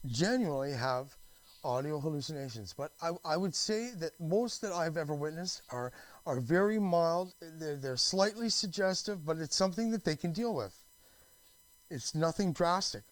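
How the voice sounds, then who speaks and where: A man's voice: a little high, lively intonation, a little slow, long pauses, dry recording, rough recording. A man from Canada talking in a rambling, restless monologue, full of restarts, fillers and swearing. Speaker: vlogger.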